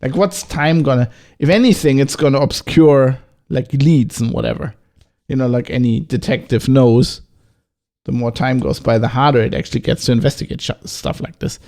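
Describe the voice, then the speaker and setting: A man's voice: mid-range voice, normal speed, mellow. A man with a German accent hosting a solo podcast, talking in a casual, agitated way, swearing and firing off rhetorical questions. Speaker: podcast host.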